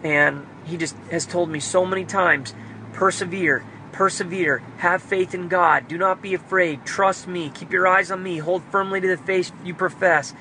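A man's voice: high-pitched, pushed and bright, slight background noise, poor audio. A man talking in an earnest, fervent, rambling way as he shares personal devotional reflections in a vlog. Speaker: believer sharing devotional reflections. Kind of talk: personal faith vlog monologue.

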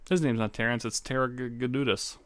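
A man's voice: medium pitch, steady tone, fairly quick, fairly bright tone, lightly acted. A man voicing a guarded, book-smart young woman in a nasal, curt voice. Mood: evasive. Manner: curt, evasive, stonewalling.

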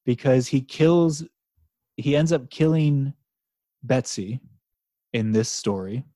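A man's voice: mid-range voice, takes it slowly, dry recording. A man co-hosting a podcast, chatting animatedly about comics with lots of swearing and false starts. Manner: animated, swearing, trailing restarts. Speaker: podcast co-host. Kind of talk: casual chat about comics.

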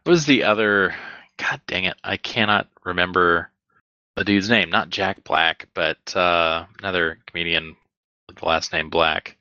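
A man's voice: sits low, unhurried, sharp tone, no echo, dull audio. A man co-hosting a podcast, chatting casually and making wry jokes, thinking aloud with some hesitation. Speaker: podcast co-host. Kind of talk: casual chat.

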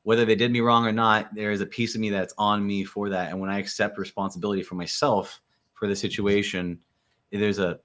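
A man's voice: fairly low pitch, a bit bright. A man hosting a podcast, reflecting in an affirming way on what his guest shared. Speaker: podcast host. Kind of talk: reflective conversation.

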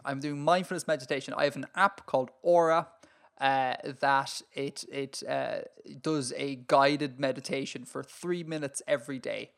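An Irish man co-hosting a podcast in casual chat, talking in an animated, ranting way and laughing often. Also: medium pitch, normal speed, vocal fry. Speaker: podcast co-host.

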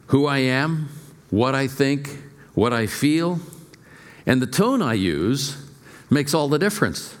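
A middle-aged male pastor preaching a sermon, telling stories with playful asides and shifting emphasis. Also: medium pitch.

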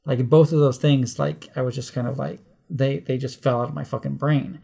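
A man's voice: medium pitch, steady tone, normal speed, gravelly, warm tone, slightly rough. A man co-hosting a movie podcast, rambling and catching himself mixing up names. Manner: rambling, trips over names and corrects himself. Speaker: podcast co-host. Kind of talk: casual chat.

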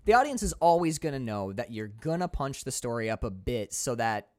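A man's voice: medium pitch, sing-song, a little fast, no echo. A man co-hosting a podcast, chatting casually and with animation about films, laughing often. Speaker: podcast co-host. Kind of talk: casual film chat.

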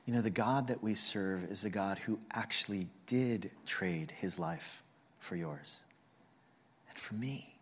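A man preaching a sermon, telling a family story and acting out the voices of his relatives with lively energy. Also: on the low side, takes it slowly, breathy edge, long reverb tail. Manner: animated storyteller who acts out family voices. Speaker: pastor.

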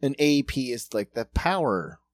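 A man co-hosting a casual podcast, telling a story in an animated, profane way. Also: medium pitch, unhurried. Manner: animated, profane, lots of fillers.

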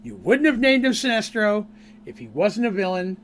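A woman's voice: medium pitch, big pitch swings, normal speed, slight background noise, voice pushed up, close to an everyday voice. A man quoting a small, blunt adventurer woman. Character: small blunt female adventurer who hates cruelty.

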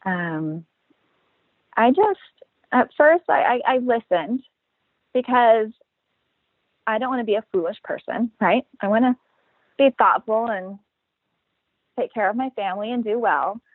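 A woman's voice: fairly high pitch, lively intonation, a little slow, pauses often. An upbeat woman in her thirties talks as a guest in a casual interview. She is matter-of-fact and slips into quoted voices as she tells her story. The line is thin and phone-like, with a dry sound and no room echo.

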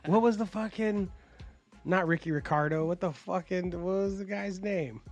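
Bright, gravelly, high-voiced man, profane storyteller. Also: normal speed, faint music behind. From South Bay, California. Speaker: guest comedian. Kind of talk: casual podcast chat.

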